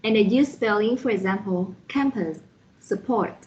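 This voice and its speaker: A woman presenting a lesson on pronunciation, reading out spellings and examples slowly and carefully, one letter at a time. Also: medium pitch, darkish tone, lo-fi sound. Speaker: student presenter reviewing a phonetics lesson. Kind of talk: slide-by-slide explanatory lesson.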